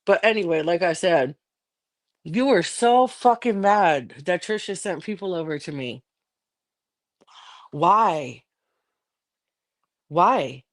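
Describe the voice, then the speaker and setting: A woman's voice: on the low side, expressive, slow, pauses often. A livestreaming woman in a heated, profane, confrontational rant aimed at a rival.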